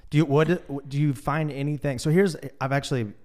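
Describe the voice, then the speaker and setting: A man's voice: fairly high pitch, fairly even intonation, a little fast, darkish tone. A man hosting a casual interview, asking easygoing follow-up questions and joking along. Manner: easygoing, asks follow-ups, jokes with the guest. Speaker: podcast host.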